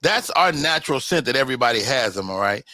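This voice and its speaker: A man's voice: medium pitch, very animated, quick pace, pushed and bright, no room sound. A man hosting a podcast in casual chat, playful and joking. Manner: playful, joking, quotes people in put-on voices. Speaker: podcast host.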